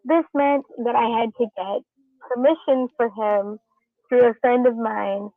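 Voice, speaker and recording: A woman's voice: fairly high pitch, a little slow, no echo. A woman co-hosting a casual chat, teasing and laughing often, heard over a tinny phone-like line. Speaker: podcast co-host.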